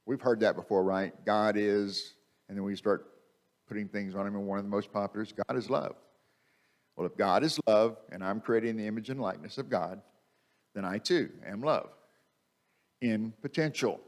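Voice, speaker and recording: A minister with a fairly low, steady voice preaches a conversational sermon at a moderate pace in a church sanctuary, recorded on a microphone. He repeats key phrases for emphasis.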